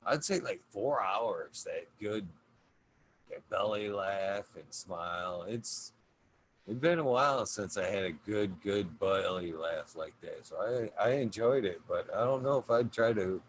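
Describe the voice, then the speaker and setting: A man's voice: on the low side, animated, measured pace, a little hiss or hum. A man hosting a casual podcast, laid-back and swearing constantly as he laughs through a story about his day. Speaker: podcast host.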